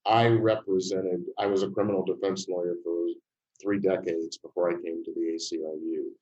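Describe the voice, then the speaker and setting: An older man giving an interview answer in a measured, emphatic way, telling anecdotes. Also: low-pitched, flat delivery, darkish tone, highs cut off. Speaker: interview guest, filmmaker.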